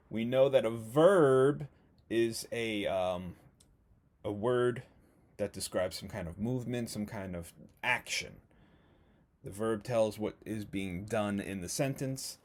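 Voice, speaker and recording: Male teacher, mid-pitched voice, patient and upbeat, walks young kids through a lesson slowly. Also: darkish tone. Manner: slow, patient, encouraging, stretches out words. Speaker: first grade teacher. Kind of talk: remote video lesson for young children.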